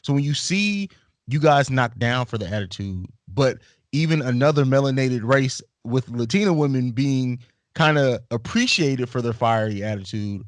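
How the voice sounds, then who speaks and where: A young male podcast host with a mid-range voice, recorded dry and close. He works his way into questions haltingly, restarting as he searches for the right words. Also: medium pitch, expressive, no echo. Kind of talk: podcast interview.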